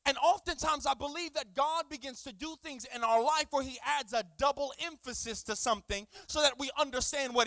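Very high-voiced animated male preacher. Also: dry recording. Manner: animated, acts out dialogues, repeats words for emphasis. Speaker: guest preacher. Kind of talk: lively sermon.

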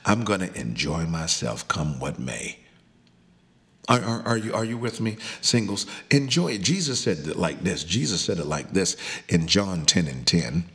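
A man's voice: sits low, big pitch swings, moderate pace, pushed and bright. Preacher guy, swoops up and down a lot, repeats himself, radio sermon. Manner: preachy, repeats words, leads call-and-response declarations.

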